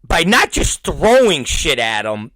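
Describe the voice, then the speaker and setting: A man in his fifties hosting a podcast, telling rambling, profane stories in a casual, animated way. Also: on the high side, unhurried, dry recording. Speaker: podcast host. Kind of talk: casual storytelling monologue.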